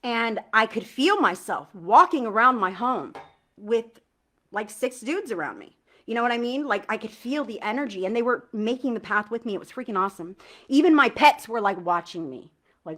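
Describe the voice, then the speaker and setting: A woman tarot reader talking casually to her viewers about spiritual home cleansing, earnest and enthusiastic, with slangy asides and slow, heartfelt prayer recitation. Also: a little high, lively intonation, sharp tone. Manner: recites prayer lines slowly with feeling. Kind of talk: casual spiritual talk to camera.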